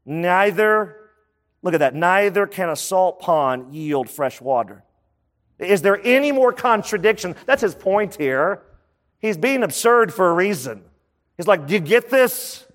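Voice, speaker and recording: A man preaching a sermon as pastor, animated, with many rhetorical questions. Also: high voice, measured pace, in a large hall.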